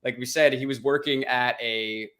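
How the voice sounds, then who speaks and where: A man's voice: mid-range voice, fairly even intonation, normal speed, pushed and bright. An American man co-hosting a podcast, chatting loosely, swearing casually and laughing often. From United States. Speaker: podcast co-host. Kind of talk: casual chat.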